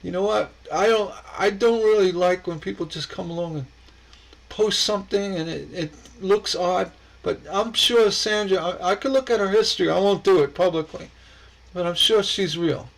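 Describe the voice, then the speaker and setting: A man's voice: sits high, moderate pace, gravelly, low-quality recording. A man hosting a casual stained glass livestream, rambling and chuckling as he reacts to viewers' posts, often stammering and repeating words.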